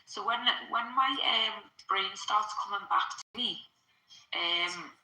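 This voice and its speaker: Welsh woman with a bright, echoey voice. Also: medium pitch. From Wales. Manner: slow, drifting, hesitant speech. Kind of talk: casual group chat.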